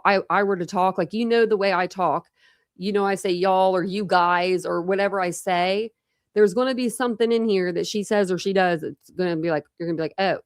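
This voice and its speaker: A woman's voice: mid-range voice, no room sound, studio quality. A woman hosting a true crime livestream, chatting casually with viewers and thinking aloud with many restarts. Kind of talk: casual chat with live viewers.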